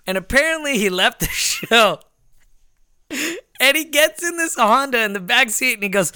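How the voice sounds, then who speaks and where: A young man with a high voice riffs on a casual podcast, laughing often and swearing as he jokes. His tone is very bright and sharp, and the sound is close and dry. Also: animated, fairly quick, clear, resonant tone, no room sound. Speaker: podcast co-host. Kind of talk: casual chat.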